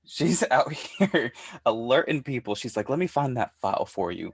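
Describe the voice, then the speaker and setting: A man's voice: medium pitch, sing-song, moderate pace, slightly rough, no room sound, clean studio sound. A man co-hosting a podcast, recapping a show in casual chat and retelling scenes with quoted voices. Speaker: podcast co-host.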